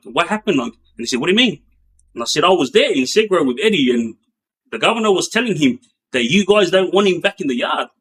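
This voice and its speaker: A man's voice: fairly high pitch, fairly bright tone, poor audio. A man telling prison stories casually, rambling with many fillers and restarts and acting out what others said. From Australia. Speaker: former inmate telling stories. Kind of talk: casual storytelling.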